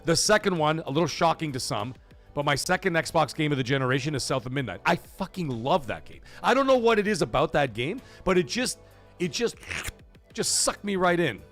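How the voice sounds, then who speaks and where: A man's voice: a little high, very animated, fairly quick, fairly bright tone, faint music behind. A man hosting a casual live stream, talking animatedly, swearing freely and reading viewer messages aloud. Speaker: livestream host.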